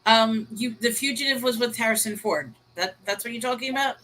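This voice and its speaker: Bright-voiced chatty woman on a call. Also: on the high side, fairly quick, slight background noise, low-quality recording. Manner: chatty, storytelling, laughs easily. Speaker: co-host. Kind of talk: casual chat. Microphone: video call.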